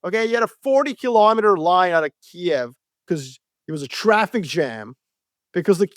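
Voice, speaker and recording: A man co-hosting a podcast, debating world affairs in an animated, profane, casual way. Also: high-pitched, normal speed, no room sound, clean studio sound. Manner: animated, profane, acts out quoted voices. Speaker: podcast co-host.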